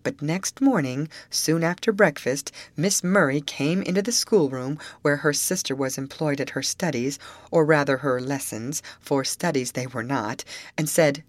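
Low-voiced woman reading a novel. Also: measured pace, dry recording. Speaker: audiobook narrator. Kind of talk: literary audiobook narration.

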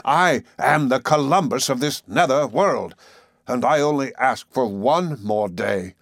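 A stubborn, commanding old professor, read by a man in an audiobook, pressing his case with firm, resolute declarations. The voice sits at a middling pitch, and the recording is close and dry with no room sound. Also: expressive, unhurried, no room sound. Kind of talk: audiobook character reading.

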